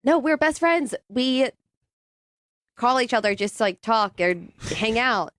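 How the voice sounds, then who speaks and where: A woman's voice: a little high, lively intonation, measured pace, fairly bright tone, no room sound. Woman guest on radio, bouncy up and down voice, flustered, dry studio sound. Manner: flustered, laughing protests. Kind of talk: casual on-air chat. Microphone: studio microphone.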